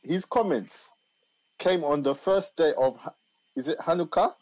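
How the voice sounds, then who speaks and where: A man's voice: fairly high pitch, unhurried, darkish tone, dry recording. A man, reading out football stories and mock-scolding players in casual banter. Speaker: podcast co-host reading out news.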